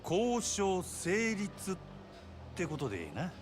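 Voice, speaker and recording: A man's voice: high voice, huge pitch swings, moderate pace. An actor voicing a shrewd male yakuza club manager in a game, with an easygoing, persuasive Kansai Japanese accent. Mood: smooth bargaining. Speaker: game character. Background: game music.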